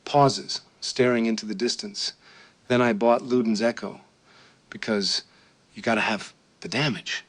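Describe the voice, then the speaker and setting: Guy doing a deadpan awkward gamer, lowish, reads his own stage directions. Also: measured pace.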